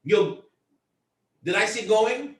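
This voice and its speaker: A man's voice: high voice, animated, takes it slowly, echoey room, distant mic. A man leading a convention call with a motivational pep talk. He hammers points home by repeating himself and often raises his voice. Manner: emphatic and repetitive, often raising his voice. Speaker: team leader addressing a convention call.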